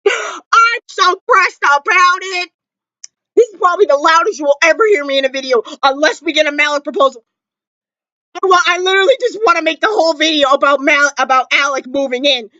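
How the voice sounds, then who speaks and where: A woman reviewing a TV episode in a loud, shrieking, overexcited way. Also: high-pitched, a little fast, no echo, highs cut off. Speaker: TV reaction vlogger. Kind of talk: excited reaction review.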